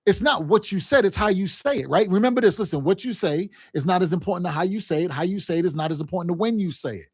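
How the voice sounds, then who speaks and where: A male sales coach with a fairly high voice drives his points home, repeating himself and checking in with his listeners. He talks in loose, casual vernacular. The sound is dry and close, with no room echo. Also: fast talker, few pauses, husky. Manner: emphatic, repetitive, direct address with frequent "right?" and "okay?"; acts out quoted phone calls and family scenes in livelier voices. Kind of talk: motivational sales lesson.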